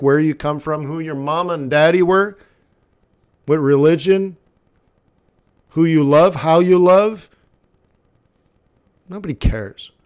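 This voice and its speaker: Guy doing live forex trading commentary, blunt, keeps saying okay and like, voice on the higher side. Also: darkish tone. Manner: conversational, repeats phrases, many "okay" and "like" fillers; blunt, talks straight to the viewer.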